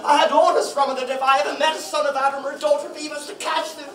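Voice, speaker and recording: A man's voice: extremely high pitch, little pitch movement, racing, a bit bright. A man playing Mr Tumnus, a stammering, fussy faun. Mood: remorseful. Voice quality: stammering, exclaiming often. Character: nervous, fussy, guilt-ridden male faun. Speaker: stage actor. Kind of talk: live stage play. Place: library hall before an audience. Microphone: far camera. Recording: echoey hall from far off.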